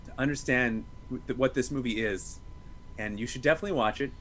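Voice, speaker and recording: A man in his thirties co-hosting a podcast, chatting casually about movies in a jokey, animated way with many restarts. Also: mid-range voice, fast talker, slight background noise. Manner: jokey, animated, self-interrupting. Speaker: podcast co-host. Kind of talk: casual movie-review chat.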